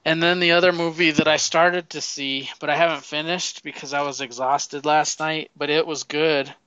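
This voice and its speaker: A man's voice: a little high, fairly even intonation, moderate pace, sharp tone, clean tone, no room sound, lo-fi sound. A man in casual chat, rambling through movie plots with lots of swearing and acted-out quotes. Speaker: movie fan recommending films.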